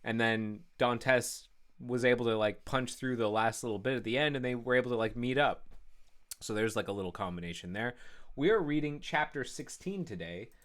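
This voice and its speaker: A man co-hosting a book-reading show, reading a novel aloud and breaking off for chatty, animated asides. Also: mid-range voice, moderate pace. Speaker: co-host and reader.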